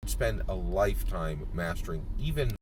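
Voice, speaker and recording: A man with a very deep voice co-hosts a podcast, making his case in a measured, emphatic way. His intonation rises and falls in a lively way. Faint noise sits behind him. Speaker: podcast co-host. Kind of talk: podcast discussion.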